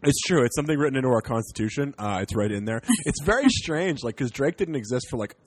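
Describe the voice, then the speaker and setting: Canadian comic guy rambling and joking, lively up-and-down voice, dry close sound. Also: mid-range voice, fast, husky, no room sound. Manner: rambling, animated, joking with swearing. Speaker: comedian. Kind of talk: casual podcast chat.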